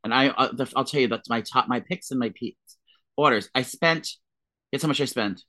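In a dry recording, a man with a pushed, bright mid-range voice co-hosts a podcast. The chat is casual, and his storytelling is fast, gossipy and theatrical.

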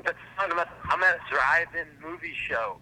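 A man's voice: a little high, normal speed, crowd noise. A man calling in from an outdoor concert at a drive-in, chatting loosely and offhandedly. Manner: loose, offhand, swearing casually. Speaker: phone guest. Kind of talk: casual phone chat. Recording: phone line with background noise.

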